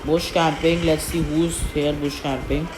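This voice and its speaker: Slow-talking frustrated woman gamer. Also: low-pitched, little pitch movement, over music, rough recording. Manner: frustrated, complaining, pleading. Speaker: gaming commentator. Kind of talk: live gameplay commentary.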